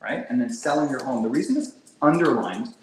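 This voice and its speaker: A man running a casual sales training session, energetic and quick to demonstrate phone scripts in an exaggerated tone. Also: medium pitch. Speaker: real estate sales trainer. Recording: echoey room, faint background hum.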